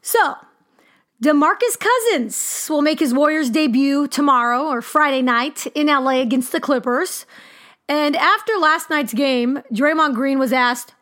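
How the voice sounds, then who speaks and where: Woman hosting a sports show, high bright voice, super animated and emphatic. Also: moderate pace. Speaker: sports podcast host. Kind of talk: casual sports commentary.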